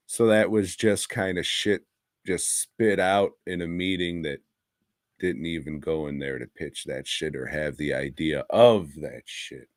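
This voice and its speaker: A man's voice: sits low, unhurried, no room sound, studio quality. A man co-hosting a podcast, reviewing movies in casual, profane chat and acting out quotes as he tells stories. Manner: profane, animated storytelling with acted-out quotes. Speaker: podcast co-host.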